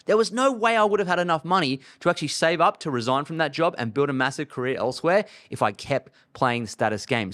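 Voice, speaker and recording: A man in his thirties lectures on money in a blunt, punchy way and leans hard on his key lines. His voice sits a little above the usual male pitch. He talks like a host giving advice straight to the listener. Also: a bit bright. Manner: blunt, emphatic, punchy delivery.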